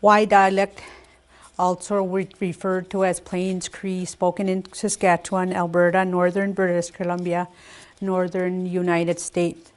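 Slow, careful older woman teaching. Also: on the low side, monotone. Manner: slow, careful, repeats each word. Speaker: Cree language teacher. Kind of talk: slow spoken language lesson.

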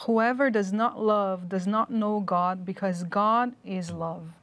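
A woman of middle pitch reads a verse for a study group. She goes slowly and carefully, giving each phrase its room. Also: dry recording. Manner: slow, careful reading. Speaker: Bible study participant reading scripture.

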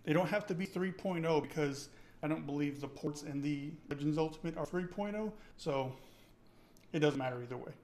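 A man's voice: a little high, a little fast, a little mellow. A man hosting a casual live-streamed tech tutorial, chatty and enthusiastic, thinking aloud and often checking in with his chat.

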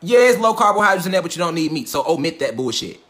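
A man's voice: on the high side, sing-song, fast talker, fairly bright tone, echoey room. A man giving a profane, preachy livestream lecture in street slang, often repeating himself. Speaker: livestream host.

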